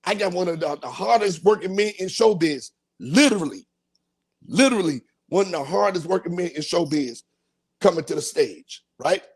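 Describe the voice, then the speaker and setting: High-voiced podcast guy hamming up a wild story, sound effects and all. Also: lively intonation, normal speed, husky. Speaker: podcast host. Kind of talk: profane comedic storytelling.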